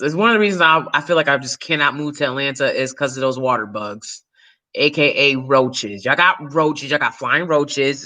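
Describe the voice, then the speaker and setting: A woman YouTuber and actor chatting casually to her viewers, animated and swearing freely, breaking into loud shrieks and laughs. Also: a bass voice. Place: New York City.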